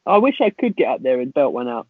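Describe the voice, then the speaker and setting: A man's voice: mid-range voice, very animated, quick pace. A man, a guest actor on a remote call, chatting in a self-deprecating, slightly nervous way. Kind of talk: casual chat. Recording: dry phone-like call audio.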